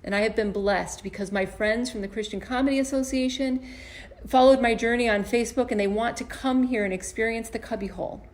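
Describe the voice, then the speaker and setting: A woman's voice: fairly high pitch, fairly quick, a little mellow. A woman, an empowerment coach and comedian, giving a motivational talk to camera from her home basement, earnest and storytelling, often restarting and repeating words. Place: home basement performance space.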